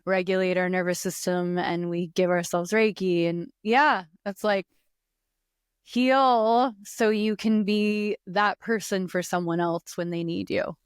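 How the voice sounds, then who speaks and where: A woman's voice: medium pitch, steady tone, unhurried, clean tone, no room sound, studio quality. A woman guest on a podcast talking casually, reflective and earnest, with the odd swear word. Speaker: podcast guest, spiritual practitioner. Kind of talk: casual conversation.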